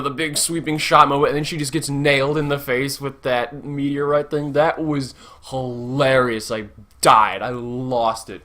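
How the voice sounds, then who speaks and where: A man giving a casual spoken movie review, animated and chatty, full of "like" and mild swearing. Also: mid-range voice.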